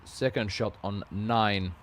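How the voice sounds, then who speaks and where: A man doing live play-by-play commentary for a sports broadcast, calm and measured with sudden excited rises. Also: fairly low pitch, slight background noise.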